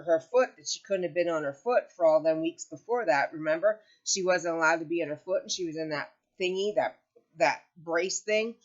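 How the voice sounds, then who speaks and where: A woman's voice: lowish voice, muffled recording. A middle-aged woman hosting a craft channel, chatting casually and emotionally telling a family story to viewers.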